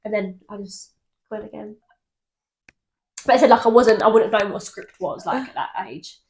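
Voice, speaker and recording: A young woman co-hosting a podcast, telling ghost stories in animated casual chat and swearing freely. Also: mid-range voice, normal speed. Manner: animated storytelling, swears freely, laughs often. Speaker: podcast co-host.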